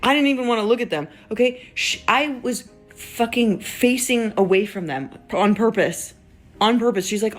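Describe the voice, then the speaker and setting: A woman's voice: mid-range voice, brisk. A young woman telling a candid, self-mocking story to camera, swearing freely. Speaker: social media poster.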